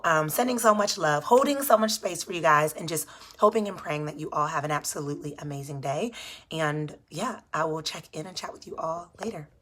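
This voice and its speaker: Woman coach, low voice, just woke up, earnest encouraging live pitch. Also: fairly bright tone. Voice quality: low, slightly groggy. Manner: earnest, encouraging, repeats words for emphasis. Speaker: business coach. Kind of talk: casual live video pitch.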